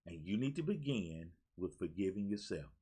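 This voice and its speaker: Animated preaching life coach man. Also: sits low, normal speed, breathy edge. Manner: preachy, repetitive, calls out viewers by name. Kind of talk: motivational live-stream talk.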